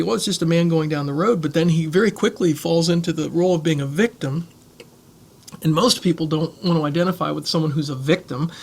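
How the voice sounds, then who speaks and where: A man preaching a sermon as pastor, reading scripture and reflecting earnestly on it. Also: fairly high pitch.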